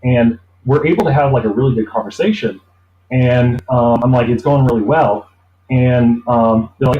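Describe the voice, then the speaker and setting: A man telling a long anecdote in a relaxed interview, rambling and acting out the people he quotes. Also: mid-range voice, moderate pace, highs cut off. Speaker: interview guest. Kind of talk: casual storytelling. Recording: roomy echo.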